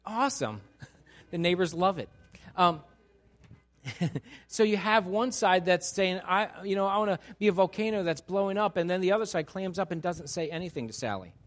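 A man preaching a sermon in a church, animated, acting out the voices of people he quotes. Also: high-pitched, normal speed. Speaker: pastor. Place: church sanctuary.

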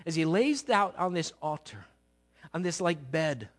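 A man delivers a sermon in a high, bright voice. He retells the story dramatically, playing its people and dropping from loud declarations to hushed asides. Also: big pitch swings, a little slow. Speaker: preacher.

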